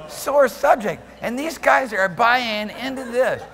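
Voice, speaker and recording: Brief: male pastor, high voice, animated sermon delivery, long church reverb. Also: takes it slowly, a crowd in the background. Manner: animated preaching, swinging from soft murmurs to loud shouts; laughs often while preaching. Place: church sanctuary.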